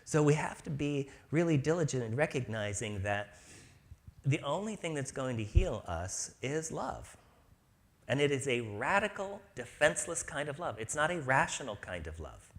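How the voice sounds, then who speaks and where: Man, spiritual speaker at a live talk; playful, very animated pitch, slips into little voices. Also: moderate pace. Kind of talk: inspirational talk to a live audience.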